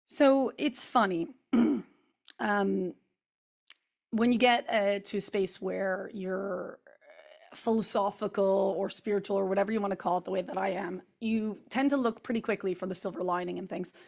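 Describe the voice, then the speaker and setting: A woman vlogger, hoarse from screaming, telling a story to camera in an animated, run-on way with lots of fillers. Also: mid-range voice, normal speed. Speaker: spiritual vlogger.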